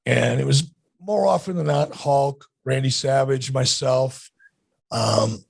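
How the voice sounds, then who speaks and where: A man's voice: mid-range voice, slow, creaky, breathy edge, no echo. A man in his sixties, a podcast guest, telling laid-back stories with dry humor in casual chat.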